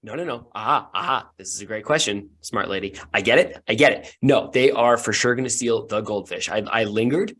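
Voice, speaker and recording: A man's voice: on the low side, fairly quick, few pauses, fairly bright tone. A man voicing a naive, eager-to-please young male informant who stammers and repeats himself apologetically.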